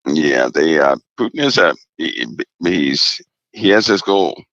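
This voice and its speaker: Man, very deep voice, gravelly, lively pitch, emphatic and deliberate, dull lo-fi audio. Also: no echo. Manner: deliberate, emphatic, repeats key phrases. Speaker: guest commentator. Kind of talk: casual interview talk.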